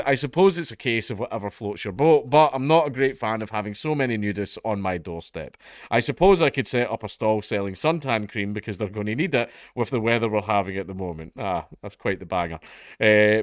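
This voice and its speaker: A man's voice: on the low side, no room sound, studio quality. A man with a Scottish accent giving casual, sardonic commentary on a news story, swearing and laughing at his own jokes. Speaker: commentary vlogger.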